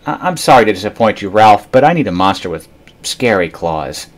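A man's voice: on the low side, big pitch swings, brisk. A man voicing a picky young boy at bedtime who speaks nervously and stammers. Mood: fussy.

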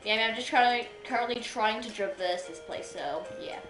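A woman streamer chatting playfully while gaming, with bursts of excitement. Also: a little high, moderate pace, echoey room, over music, poor audio. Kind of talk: casual gameplay chat.

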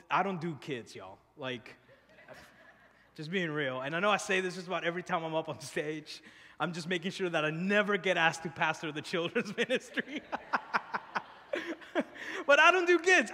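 A man preaching as pastor from a church stage, mixing scripture with casual, animated stories and frequent laughter. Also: a little high, in a large hall. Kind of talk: sermon with personal storytelling.

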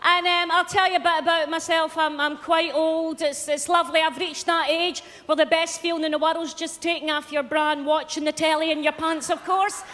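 A middle-aged Glaswegian Scottish woman doing a brash live stand-up routine and shouting punchlines to a big crowd in an arena. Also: extremely high pitch, flat delivery, brisk, hardly any pauses. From Scotland. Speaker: stand-up comedian. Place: large arena, live charity concert. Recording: echoey arena with loud crowd.

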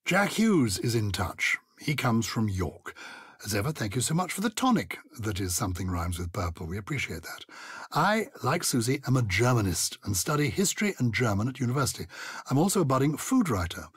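A man's voice: medium pitch, sing-song, fairly quick, fairly bright tone, slightly rough, no echo, studio quality. An older man co-hosting a podcast, chatting playfully and theatrically and reading listener letters aloud. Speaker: podcast co-host. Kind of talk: casual chat about words.

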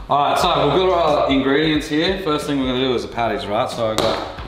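A man's voice: mid-range voice, reverberant. An Australian man hosting a casual cooking vlog, talking in a laid-back, crude way and swearing freely. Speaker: cooking show host. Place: home kitchen.

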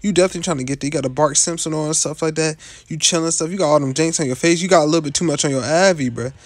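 A man's voice: on the high side, racing, slight background noise. A young man giving casual, joking reaction commentary as a YouTuber, talking bluntly in slang and dropping tags like "you feel me" all through. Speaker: YouTuber rating viewers' avatars.

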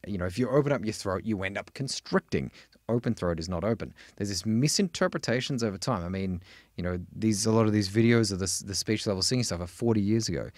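A man with an Australian accent teaching a singing lesson, chatty and animated, breaking into sung examples. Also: no room sound, clean studio sound. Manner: chatty, animated, jumps into high sung demos. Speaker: vocal coach.

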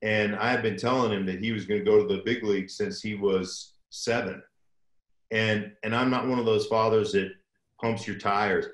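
Older guy rambling about his son, low voice, roomy echoey sound. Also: steady tone, normal speed, fairly bright tone. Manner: rambling and self-deprecating, many restarts. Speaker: guest, former football player. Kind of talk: casual storytelling. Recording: roomy echo.

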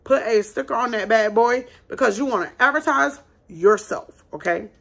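A woman host giving business advice in a casual vlog, blunt and emphatic as she talks straight to her audience. Her voice sits a little high and sounds bright and forceful, and she leans hard on the key words. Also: animated, moderate pace, gravelly.

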